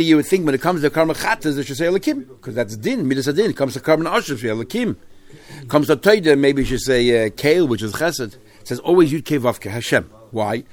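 Man teaching a Talmud class. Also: mid-range voice. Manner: mixes Hebrew and Yiddish terms into English, halting restarts.

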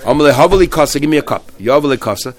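Male Talmud teacher, slightly higher pitch, animated storyteller with frequent restarts. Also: very fast. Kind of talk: Talmud class retelling stories.

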